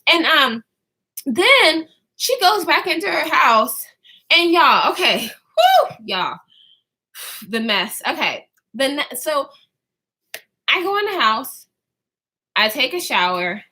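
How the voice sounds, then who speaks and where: A young woman chatting to her viewers, her voice sitting high and leaping all over the place as she tells the story. Her tone is bright and sharp. She laughs often, swears freely and slips into the voices of the people she quotes. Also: sing-song, slow pace, pauses often. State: out of breath at times. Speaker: vlogger. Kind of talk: storytime vlog.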